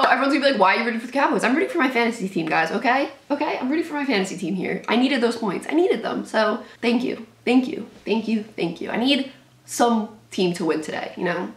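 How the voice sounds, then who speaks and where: Excitable young woman reacting to football. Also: a little high, fairly quick, reverberant. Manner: excitable, shrieks and exclaims at big plays. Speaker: sports reaction host. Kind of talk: live game reaction commentary.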